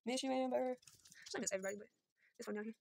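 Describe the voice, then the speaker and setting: Filming on her phone at home, a woman rambles through a shopping haul, chatty and self-deprecating, with a southern "y'all." Her voice is on the high side and steady, with vocal fry, and she talks rapid-fire over heavy background noise.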